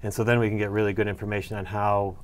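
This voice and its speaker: Man, middle-aged, low voice, monotone, halting with lots of ums. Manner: hesitant, many fillers and restarts. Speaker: soybean breeder and agronomy professor. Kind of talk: interview answers.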